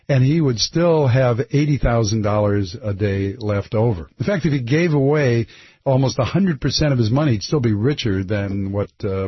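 Raspy guy hosting a call-in radio show, dry dull sound. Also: medium pitch, no room sound. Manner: rambling, with fillers and restarts. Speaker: radio talk show host. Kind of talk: casual radio talk.

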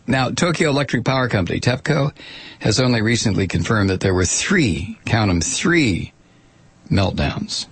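A man with a husky, slightly breathy voice at a middle pitch, talking through an informal commentary. His delivery is wry and sardonic, full of offhand asides. The sound is dry and close. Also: no echo.

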